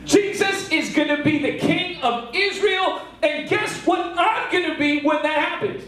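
A man preaching to his congregation with lively, joking delivery, often acting out the lines of the people in his story. His voice sits very high for a man and rings through a large echoey hall, caught from some distance off the mic. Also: a little slow. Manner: animated, joking, acts out quotes. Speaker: pastor. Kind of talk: sermon.

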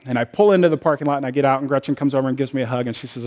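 A man's voice: medium pitch, very fast, a little mellow. A man, a pastor, preaching a sermon and telling personal stories in a conversational way. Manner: conversational storytelling, personal anecdotes.

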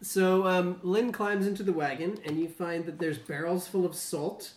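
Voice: mid-range voice, fairly even intonation, normal speed, echoey room, a little hiss or hum. A game master narrating a tabletop fantasy game, hesitating often with fillers. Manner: hesitant, many ums.

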